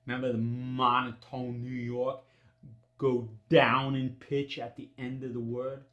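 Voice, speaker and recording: A man teaching a dialect tutorial as an upbeat accent coach, loudly exaggerating the example words he demonstrates. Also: mid-range voice, completely flat delivery, measured pace, echoey room, lo-fi sound.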